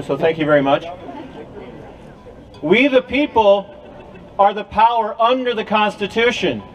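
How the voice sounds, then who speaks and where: A man's voice: high-pitched, poor audio. A man giving an impassioned speech to a crowd at an outdoor rally, with a preacher-like cadence. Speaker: rally speaker.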